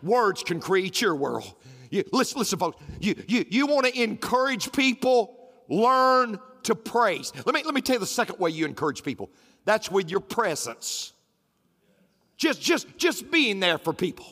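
A man's voice: high-pitched, sing-song, moderate pace, fairly bright tone. A man preaching a sermon as pastor, emphatic and repetitive, with folksy humor. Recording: roomy hall with faint music.

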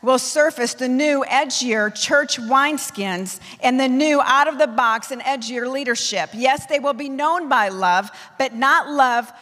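Woman preaching a forceful sermon, echoing hall. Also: sits high, unhurried, hardly any pauses. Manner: forceful, declamatory exhortation with emphatic lists. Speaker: apostle preaching to her church.

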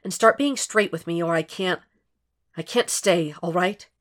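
A woman's voice: lowish voice, measured pace, lightly acted. Woman reading as an angry, hurt young father. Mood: tense. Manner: confrontational, pushing hard.

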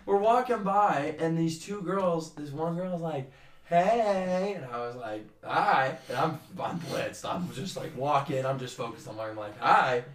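A young man, a podcast co-host, telling a rambling, animated story in casual chat and swearing freely. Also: on the high side, measured pace. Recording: roomy, distant from the mic.

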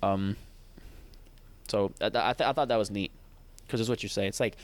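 Rambling young man, low voice. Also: a little fast, long pauses. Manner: rambling, joking, laughs a lot. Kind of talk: casual chat.

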